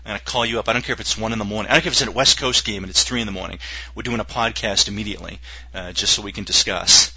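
A man co-hosting a podcast in casual chat, excitable and joking loudly, with many stammered restarts. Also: on the low side, rapid-fire, breathy edge. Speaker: podcast co-host. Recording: dull lo-fi podcast audio.

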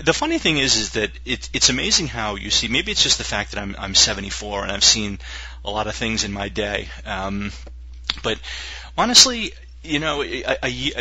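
A man's voice: fairly low pitch, big pitch swings, moderate pace, bright, forceful tone, slightly rough, no echo, highs cut off. A man hosting a casual sports podcast, rambling and joking with lots of fillers. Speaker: podcast host.

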